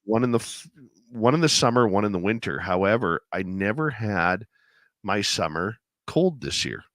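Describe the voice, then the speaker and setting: A man with a lowish voice hosts a talk show while getting over a head cold. He chats loosely and rambles, often padding with fillers. The sound is dry and close, with no room around him. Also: lively intonation, moderate pace, fairly bright tone, no echo. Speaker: radio show host. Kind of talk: casual chat.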